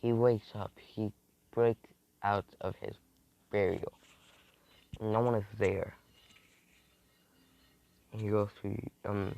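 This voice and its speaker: Slow, gravelly man telling a fan story. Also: on the low side, a little mellow. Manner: rambling, loose, with fillers and restarts. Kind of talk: improvised fan story narration.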